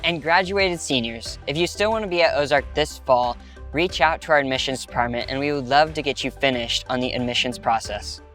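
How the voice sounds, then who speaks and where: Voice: medium pitch, a little fast, fairly bright tone, soft background music. A host reading out announcements for a college video.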